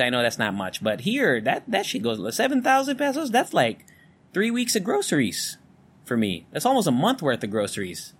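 A man with a fairly bright voice on the high side hosts a solo podcast, speaking casually and candidly and swearing freely. He's from the Philippines but has a neutral American accent, and he records at home on a studio condenser mic with an electric fan running.

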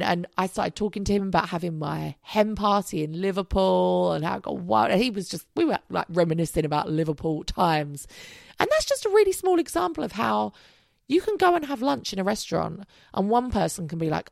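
A woman's voice: mid-range voice, animated, fairly quick, a little mellow, no room sound, clean studio sound. A woman in her thirties hosting a podcast, talking casually and upbeat, swearing now and then and rambling off track. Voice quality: gravelly vocal fry. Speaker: podcast host. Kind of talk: casual solo podcast monologue.

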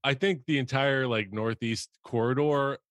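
A man's voice: mid-range voice, normal speed, fairly bright tone, dry recording. A man co-hosting a podcast, giving blunt opinions in casual chat.

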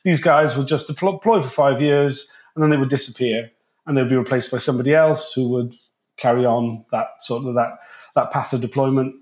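A man's voice: mid-range voice, fairly quick, a little mellow, echoey room. A man, a podcast guest, explaining casually with rambling restarts and casual swearing.

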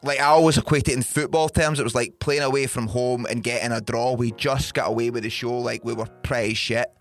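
A Scottish man hosting a podcast, telling an animated anecdote in casual chat and swearing freely. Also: medium pitch, a little fast, soft background music. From Scotland. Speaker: podcast host.

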